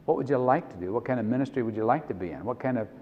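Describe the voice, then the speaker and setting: A man's voice: mid-range voice, expressive, very fast, a little hiss or hum. Middle-aged man speaking in a reverberant hall. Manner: conversational, acts out prayers and dialogues, frequent restarts. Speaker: Christian speaker and consultant. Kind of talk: conference talk. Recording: dull recording with long hall reverb.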